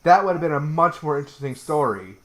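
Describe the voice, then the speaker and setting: A man's voice: on the high side, lively intonation, fast, a bit bright. A man co-hosting a wrestling podcast in casual chat, blunt and opinionated, swearing freely. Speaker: podcast co-host.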